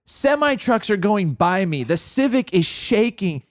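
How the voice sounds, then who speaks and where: Animated man telling a story. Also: high-pitched, measured pace, dry recording, studio quality. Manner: animated storyteller, many restarts. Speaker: podcast host. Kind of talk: casual conversation.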